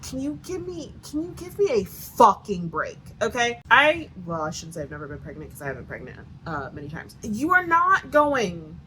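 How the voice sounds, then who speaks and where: A woman's voice: medium pitch, very animated, moderate pace, hardly any pauses, sharp tone, slight background noise, poor audio. A woman with a Southern US accent giving a sarcastic, profanity-filled book review rant with lots of "like" fillers. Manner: sarcastic, swears a lot, many "like" fillers.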